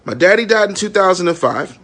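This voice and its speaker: A man's voice: high-pitched, expressive, a little fast, fairly bright tone. A man in his thirties, a minister and entrepreneur, speaking candidly and emotionally in a live-stream monologue, swearing freely and often checking in with his listeners. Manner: raw, frank and emotional, with profanity and many "you know what I'm saying".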